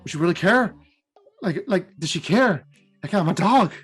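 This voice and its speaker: A man's voice: high-pitched, animated, moderate pace, husky, faint music behind, full character voice. A man voicing a weary male mage who sinks toward sleep and then frets aloud. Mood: frantic.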